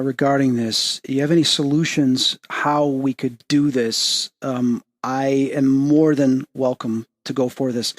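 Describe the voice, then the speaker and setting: In a casual interview he hosts, a male medium and podcast host spins an animated story with growing excitement. He quotes others with flair, and his excitable voice jumps higher in pitch when quoting or driving a point home.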